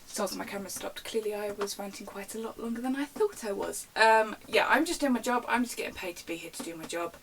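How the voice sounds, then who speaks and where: A young woman talks straight to her viewers in an animated, indignant rant about retail stories. She sits a little back from the mic, and a faint hiss runs under her voice. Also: mid-range voice, fairly quick, vocal fry. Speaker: vlogger. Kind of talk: casual storytime rant. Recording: slightly distant mic with faint background hiss.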